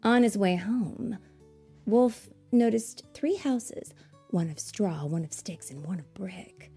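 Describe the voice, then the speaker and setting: Woman reading a kids' picture book out loud, slow, dark husky voice, bit of gravel, faint music behind. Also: medium pitch. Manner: asks listeners questions, warm explanatory asides. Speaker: storyteller reading to children. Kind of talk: children's read-aloud.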